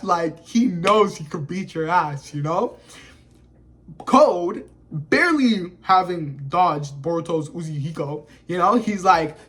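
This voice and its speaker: Slangy, excitable manga reviewer. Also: mid-range voice. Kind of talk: casual chapter review.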